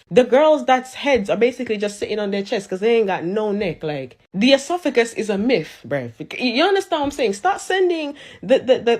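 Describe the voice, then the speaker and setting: A woman's voice: on the high side, a little mellow. A woman of Jamaican heritage delivering a sarcastic comedic roast to camera. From Jamaican community. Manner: sarcastic, mocking, punchy. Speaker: social media commentator.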